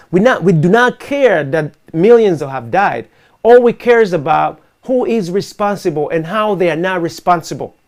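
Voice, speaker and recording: A man hosting a live online talk show, speaking earnestly and emphatically, building his points with rhetorical questions. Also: high-pitched. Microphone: video call setup.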